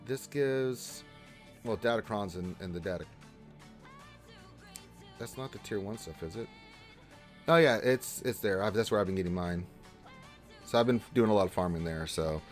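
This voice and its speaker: A man hosting a casual gaming livestream, greeting viewers by name and answering chat questions in a jokey, animated way. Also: on the low side, normal speed, pauses often, soft background music. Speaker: livestream host reading chat.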